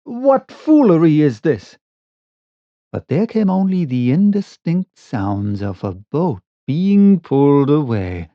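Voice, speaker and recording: A man reading a spooky short story aloud in a slow, dramatic narration. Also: medium pitch, no echo. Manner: slow, dramatic, varied delivery. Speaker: audiobook reader. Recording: dull lo-fi recording.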